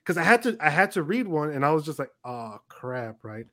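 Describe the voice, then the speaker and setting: A man's voice: on the high side, brisk, no room sound. Chatty man on a podcast, dry mic. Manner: animated storyteller, quotes himself and others. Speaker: podcast host. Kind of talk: casual chat.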